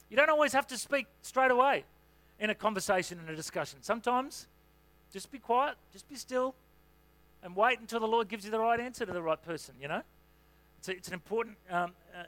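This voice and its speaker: This man, a senior pastor, delivers his sermon in a laid-back, conversational manner, with plenty of "you know" fillers, and his voice sits high.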